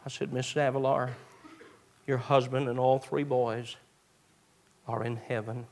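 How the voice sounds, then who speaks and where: A male pastor, preaching a sermon that moves from quiet storytelling to raised, fervent preaching. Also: medium pitch, flat delivery, a little slow, creaky.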